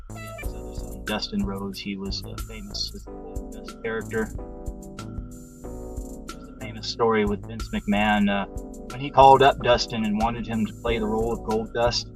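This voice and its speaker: A man's voice: on the low side, fairly bright tone, poor audio. A man hosting a livestream show, telling a rambling, profane story in a casual monologue. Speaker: show host. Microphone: livestream mic.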